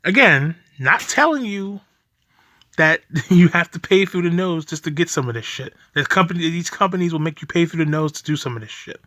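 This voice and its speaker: A young man rants furiously at a video, swearing and letting out bitter laughs. His voice is bright and sits fairly high, and his pitch jumps around a lot. The sound is close and dry. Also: expressive, fairly quick, no echo. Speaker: video reaction host. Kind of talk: angry reaction commentary.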